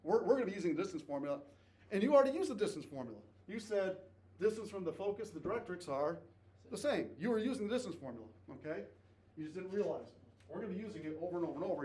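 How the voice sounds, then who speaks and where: A man's voice: high-pitched, a little mellow. Man teaching math in an echoey classroom. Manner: repeats points with frequent "okay?" checks, encouraging. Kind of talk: classroom lecture. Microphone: distant camera mic. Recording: echoey classroom from far off, faint noise.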